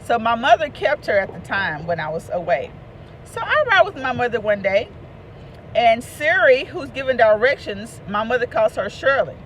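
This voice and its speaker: Animated woman telling a story. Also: fairly high pitch, moderate pace, a little hiss or hum. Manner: animated, hollers out quoted voices and laughs. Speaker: author and motivational speaker. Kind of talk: casual storytelling.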